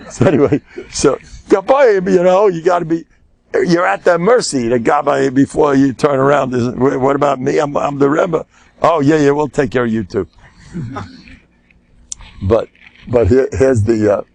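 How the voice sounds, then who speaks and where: An older man, a rabbi, giving an informal, animated Torah lecture, joking and asking his listeners rhetorical questions. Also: medium pitch. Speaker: rabbi teaching a class.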